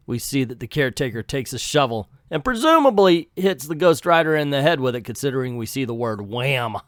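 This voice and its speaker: A man's voice: mid-range voice, lively intonation, moderate pace, hardly any pauses, a bit bright, clear, resonant tone, dry recording, clean studio sound. A man who reviews comic books, retelling a story in a casual recap with joking asides.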